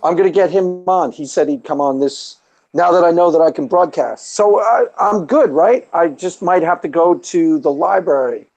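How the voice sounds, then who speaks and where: A man's voice: on the high side, normal speed, creaky, a little mellow, low-quality recording. A man from the New York area with a New York accent, hosting a joking casual chat. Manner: jokey, teasing. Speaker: channel host.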